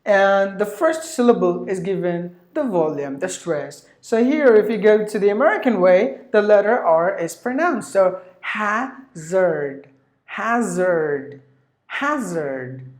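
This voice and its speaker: A woman's voice: medium pitch, animated, moderate pace, hardly any pauses, a little mellow, echoey room. A woman teaching pronunciation, repeating each word several times with many fillers. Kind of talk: online pronunciation lesson.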